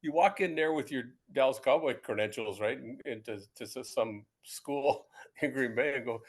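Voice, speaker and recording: This speaker, a retired professional football player from the United States now in his seventies, shares anecdotes in a laid-back interview. He speaks at an ordinary speed with a mid-range pitch, frequently starting over and doubling up on words.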